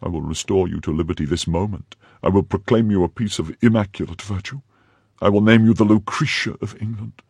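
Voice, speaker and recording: A man's voice: lowish voice, brisk, a little mellow, breathy edge, dry recording, voice pushed up. A man reading the part of a cruel nobleman jailer who mocks and threatens his prisoner in an audiobook. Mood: jeering. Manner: mocking, then menacing.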